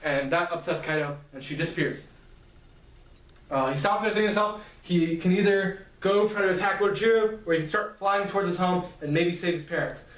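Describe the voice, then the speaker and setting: High-voiced man recapping a story. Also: fairly quick, fairly bright tone. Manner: loose, filler-heavy retelling with restarts. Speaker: author recapping his novel. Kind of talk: casual plot recap lecture. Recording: roomy, distant mic, faint noise.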